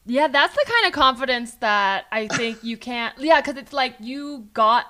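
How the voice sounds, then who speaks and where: A woman's voice: on the high side, expressive, a little slow, pushed and bright. Giggly woman podcast host. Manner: giggly, chatty. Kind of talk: casual chat.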